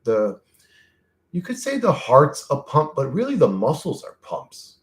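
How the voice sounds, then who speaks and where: A man's voice: fairly high pitch, huge pitch swings, a little slow. A man casually chatting on a livestream, reading chat aloud, laughing often and swearing freely as he jumps from topic to topic. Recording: roomy echo.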